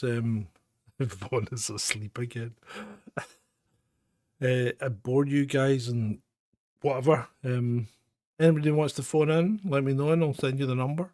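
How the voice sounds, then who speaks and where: A man's voice: mid-range voice, unhurried, a little mellow, no room sound, studio quality. A Scottish man hosting a live phone-in stream, chatting in a rambling, self-mocking way with chuckles. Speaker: host of a live phone-in show. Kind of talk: casual live-stream chat.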